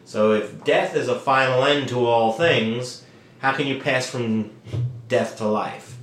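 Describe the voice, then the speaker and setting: A man leads a relaxed Bible study, pressing his points with emphatic rhetorical questions. His voice sits in the middle range and sounds set back from the microphone. The room around him rings with a lot of echo. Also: mid-range voice, a little slow, a little hiss or hum. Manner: emphatic, acts out quoted lines, asks rhetorical questions. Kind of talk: conversational Bible teaching. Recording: echoey room, distant mic.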